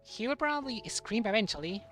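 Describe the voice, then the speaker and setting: A young man streaming a game, chatting casually in a halting way and repeating words. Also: sits high, animated, a bit bright, faint music behind. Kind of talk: casual chat while playing a game.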